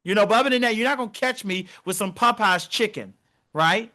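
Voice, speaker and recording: A young man co-hosts a podcast in loose, animated conversation, acting out the people he quotes. His voice sits high and rings bright. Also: a little fast. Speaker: podcast co-host. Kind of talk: casual conversation.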